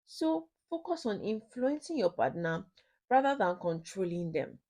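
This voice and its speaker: A woman's voice: medium pitch, sing-song, unhurried, dark tone. A woman speaks as a ministry teacher, giving a talk on marriage. She drives her points home by repeating them and keeps turning to her listeners with questions, in an earnest, instructive way.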